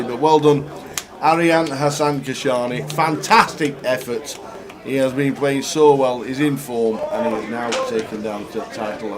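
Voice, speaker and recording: A man commentating a poker live stream, upbeat and chatty, wrapping up the day's results. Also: medium pitch. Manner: upbeat, chatty, wraps up with thanks. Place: poker room at a live event. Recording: noisy crowd behind.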